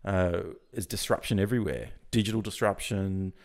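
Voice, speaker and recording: Deep-voiced male podcast guest, croaky, energetic, prone to restarts. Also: moderate pace. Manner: energetic, restarts often, laughs easily. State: croaky from early morning. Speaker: guest, software founder. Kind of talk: casual podcast interview.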